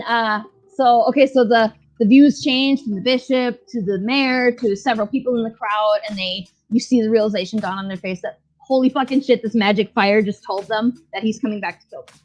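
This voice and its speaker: A woman's voice: on the high side, muffled recording. Chatty woman recapping with a cusswords-heavy ramble. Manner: profane, rambling, with lots of fillers. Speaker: podcast co-host. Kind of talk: casual recap chat.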